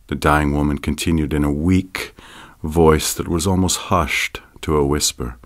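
A man narrating an audiobook in a measured, deliberate reading. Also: extremely low pitch, steady tone. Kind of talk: scripted narration.

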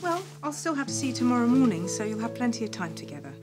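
A woman's voice: a little high, very animated, fast, music in the background. A woman playing a friendly, caring hospital nurse in a children's live-action TV drama. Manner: gentle, encouraging.

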